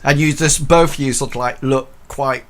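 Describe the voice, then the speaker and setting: A man's voice: medium pitch, fairly even intonation, moderate pace, a bit bright. A man narrating as game master, hesitant and full of fillers.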